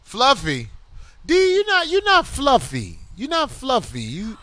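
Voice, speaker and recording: Comedy show host: man, bright tone, crude, teasing, animated, big sudden laughs. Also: very high-pitched, a little slow. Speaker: podcast host. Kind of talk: casual comedic banter.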